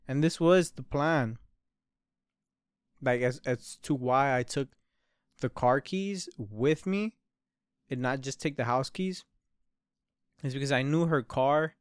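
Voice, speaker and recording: This podcast host, a man in his early twenties, rambles through a long story in casual talk, swearing a lot and calling the listener bro and dude. His mid-range voice is clear and resonant, captured at studio quality with no room sound.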